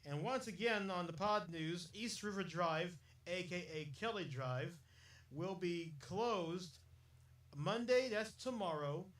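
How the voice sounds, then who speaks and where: A man with a high, bright voice hosts a rambling solo podcast, talking slowly with lots of jokes and laughter. He sounds a little away from the mic in an echoey room. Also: far from the mic. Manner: chatty and jokey, laughs often, breaks into silly asides. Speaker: podcast host.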